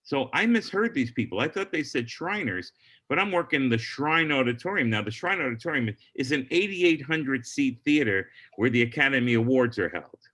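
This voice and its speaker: Man, middle-aged, comedian, lively storytelling on a podcast, wide swings in pitch. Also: normal speed. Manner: animated storyteller acting out the people he quotes.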